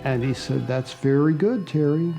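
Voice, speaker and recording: An older man telling his own experience in a documentary interview, in a slow, reflective storytelling manner. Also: a little high, creaky, over music. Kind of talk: documentary testimony.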